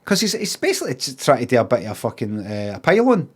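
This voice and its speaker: A Scottish man streaming, telling a story in a casual, sweary rant and acting out both sides of an argument in quick asides. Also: mid-range voice, very animated, slightly rough.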